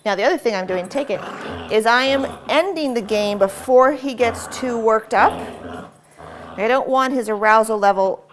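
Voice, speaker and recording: A woman's voice: on the high side, normal speed, background noise. A woman dog trainer demonstrating tug play, explaining patiently between short commands to a dog.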